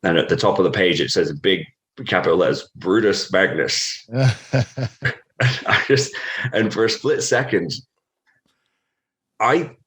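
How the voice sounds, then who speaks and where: A man's voice: sits low, animated, unhurried, long pauses, fairly bright tone. A British man in his thirties, a guest telling stories in a casual interview, rambling with many fillers and restarts. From Britain.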